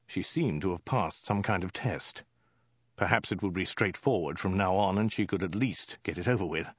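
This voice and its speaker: Male storyteller, lowish voice, deadpan, dull lo-fi dry recording. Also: slightly rough, dry recording. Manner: dry, deadpan comic delivery. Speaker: narrator. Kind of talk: scripted audiobook narration.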